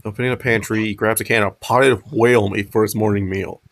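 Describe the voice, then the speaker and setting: A man hosting a casual podcast, reading a fanfic aloud and chatting, halting with ums and self-corrections. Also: on the low side, steady tone, vocal fry, a bit bright.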